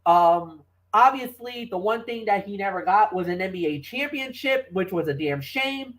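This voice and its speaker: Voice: mid-range voice, expressive, moderate pace, fairly bright tone, low-quality recording. A sports talk show co-host chatting casually, telling stories and talking players, rambling with fillers and restarts.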